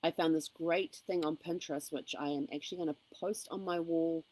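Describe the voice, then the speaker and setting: This woman's low, steady, slightly mellow voice moves a little fast as she gives an upbeat, encouraging motivational vlog to camera, with frequent ums. The audio is poor.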